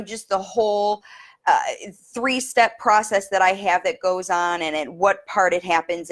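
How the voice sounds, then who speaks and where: A chatty middle-aged woman talks off the cuff to her viewers, her sentences circling back with "you know" and "um". Her voice sits at an ordinary pitch, and at moments she turns teary as she talks. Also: a bit bright. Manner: chatty, many fillers and restarts; gets emotional, teary. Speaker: speech and language coach. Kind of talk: casual live video talk.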